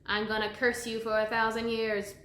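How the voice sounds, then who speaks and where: A woman doing a sweet, eager young wizard with a boyish, polite way of talking. His voice is pitched very high and bright. The room around him rings with echo. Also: monotone, moderate pace, close to an everyday voice. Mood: indignant. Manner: eager, polite, then indignant.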